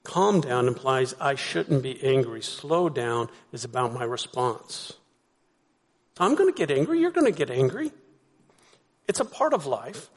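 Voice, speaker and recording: A man's voice: mid-range voice, sing-song, a little slow. A man preaching a sermon as pastor, talking to the congregation conversationally and asking them rhetorical questions. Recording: long hall reverb.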